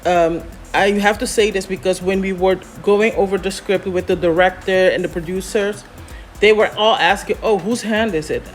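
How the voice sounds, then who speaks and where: A woman scriptwriter explaining how to write a script in a relaxed, chatty way, often pausing on "um" and "you know". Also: mid-range voice, soft background music. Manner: chatty, many fillers, explains step by step. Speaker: scriptwriter guest. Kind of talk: explaining scriptwriting in a casual chat.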